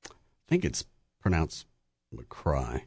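Animated middle-aged man hosting radio. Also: lowish voice, normal speed, no echo, studio quality. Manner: animated, joking storyteller. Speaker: radio show host. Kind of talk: casual studio chat. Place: radio studio.

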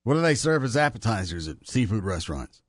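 A man's voice: lowish voice, big pitch swings, fast talker, breathy edge, dry recording, clean studio sound. A man hosting a radio call-in show, teasing his co-host and callers with playful banter.

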